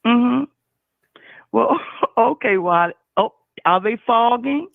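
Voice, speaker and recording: A woman's voice: on the high side, expressive, slow pace, vocal fry, no room sound. Effusive woman in her sixties on a tinny phone line. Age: 60s. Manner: effusive, laughs often, folksy. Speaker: caller. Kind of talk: casual call-in chat.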